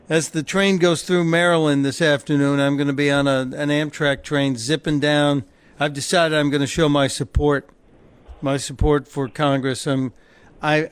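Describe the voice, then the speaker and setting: Chatty male radio host, smooth studio voice. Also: a little high, no room sound. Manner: chatty, jokey, stumbles and repeats words. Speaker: radio talk show host. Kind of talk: talk radio, taking calls. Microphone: studio microphone.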